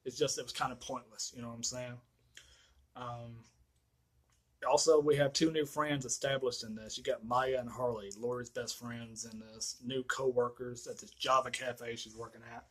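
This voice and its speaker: A man giving a casual, profanity-filled movie review rant, excitable and quick to laugh. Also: mid-range voice, poor audio. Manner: excitable, swears constantly, laughs often.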